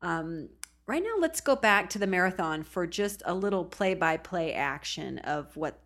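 A woman's voice: on the low side, lively intonation, normal speed. A woman hosting a podcast, speaking casually and laughing often. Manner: warm, laughing, emotional. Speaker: podcast host. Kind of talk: casual narration.

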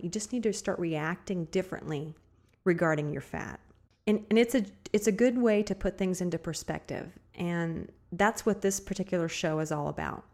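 A middle-aged woman hosting a motivational podcast, talking earnestly and repeating key phrases slowly for emphasis. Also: fairly low pitch, a little mellow. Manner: earnest, repetitive, emphatic with slow stressed phrases. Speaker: podcast host. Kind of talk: motivational monologue.

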